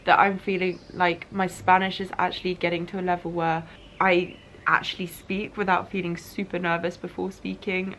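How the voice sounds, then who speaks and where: A woman's voice: fairly low pitch, a bit bright, a little hiss or hum. A young woman in her twenties, talking through her thoughts in a reflective, emotional diary-style vlog. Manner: emotional, musing, tearful at times. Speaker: vlogger.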